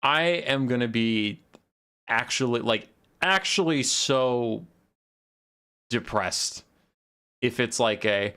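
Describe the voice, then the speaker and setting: A man's voice: mid-range voice, lively intonation, slow, long pauses, pushed and bright, clear, resonant tone. A young man casting a strategy game on a live stream, talking in a loose, rambling, sarcastic way. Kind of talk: casual live stream commentary.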